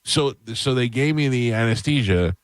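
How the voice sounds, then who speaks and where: A radio host telling a long, self-mocking story in a casual, rambling way, with restarts, into a close studio mic. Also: male voice, mid-range voice, expressive, moderate pace, smooth, dry recording.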